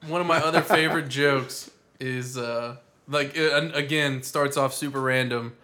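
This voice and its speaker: A man's voice: mid-range voice, steady tone, moderate pace, pushed and bright. A man chatting enthusiastically about a film, laughing often. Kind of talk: casual movie-discussion chat.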